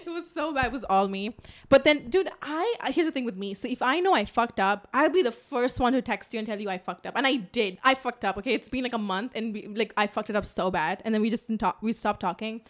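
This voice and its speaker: Animated young woman telling stories. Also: a little high, fast. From United Arab Emirates. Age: 20s. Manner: animated storytelling, swears freely, laughs often. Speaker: podcast co-host. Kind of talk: casual chat.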